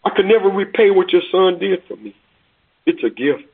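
Man playing a humble young soldier, earnest, husky voice, tinny phone-like sound. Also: sits high, lively intonation, normal speed, pitched above the performer's own voice, exaggerated voice. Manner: earnest, respectful.

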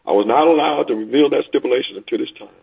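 A man voicing a solemn male auctioneer who speaks in a grave, measured way. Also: medium pitch, creaky, slightly rough, far from the mic. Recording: tinny phone-like recording.

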